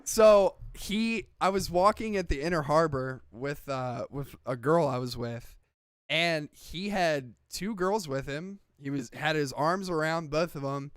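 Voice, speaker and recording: A man's voice: a little high, unhurried, smooth, dry recording, studio quality. A man co-hosting a podcast, telling stories in rambling casual chat full of filler words and swearing. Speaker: podcast co-host.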